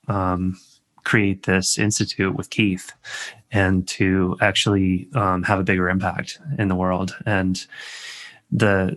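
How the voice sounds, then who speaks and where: A man co-hosting a podcast interview, talking slowly and searchingly with many pauses and ums. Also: low voice, a bit bright. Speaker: podcast co-host.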